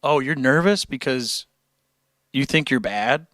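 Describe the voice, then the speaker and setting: A man's voice: mid-range voice, expressive, measured pace, fairly bright tone, no echo, studio quality. A young man streaming and answering chat questions about guitar, blunt and encouraging, with casual swearing and rambling tangents.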